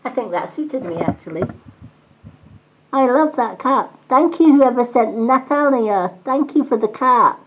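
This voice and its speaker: A woman's voice: on the high side, expressive, measured pace, dull audio. A woman giving a live spiritual reading, chatty and reassuring, often repeating phrases and asking "right?". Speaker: psychic reader.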